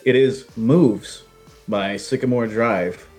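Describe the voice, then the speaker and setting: A man's voice: mid-range voice, slow pace, darkish tone, faint music behind. A man co-hosting a podcast, dropping dry quips and reading the theme song credit. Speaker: podcast co-host. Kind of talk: casual podcast banter.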